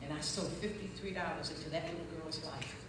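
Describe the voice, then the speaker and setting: Woman, preacher, testimony sermon, storytelling with acted voices, fervent loud peaks, lowish voice, distant, very echoey hall. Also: a little fast. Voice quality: distinctive voice. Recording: echoey hall from far off with noise.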